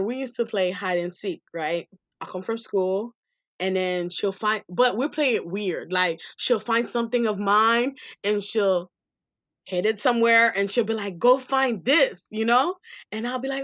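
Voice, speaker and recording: A young woman co-hosting a podcast, telling a family story in animated casual chat, acting out the voices she quotes and laughing often. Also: mid-range voice, a little slow, no echo. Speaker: podcast co-host.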